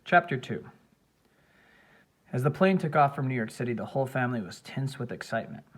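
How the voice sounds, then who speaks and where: A male narrator reading an adventure audiobook with steady, measured delivery. His voice sits at a middling pitch. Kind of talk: scripted narration.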